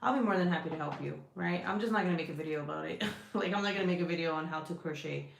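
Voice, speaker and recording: A woman's voice: low-pitched, racing, gravelly, reverberant, a little hiss or hum. A woman chatting casually with viewers on a crafting livestream, profane and rambling, often breaking off to scold her cat. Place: indoor room at her craft desk.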